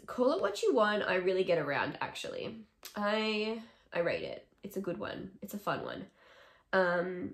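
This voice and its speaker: A young woman vlogging, talking casually and opinionatedly through a song ranking with sarcastic asides. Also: medium pitch. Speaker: music vlogger. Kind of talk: casual ranking chat to camera. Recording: echoey room.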